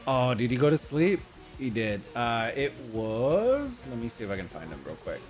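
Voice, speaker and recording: A man's voice: mid-range voice, big pitch swings, normal speed, darkish tone. A man hosting a casual gaming livestream, talking loosely, rambling and greeting viewers from chat, with faint music behind him. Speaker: livestream host. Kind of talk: casual gaming stream commentary.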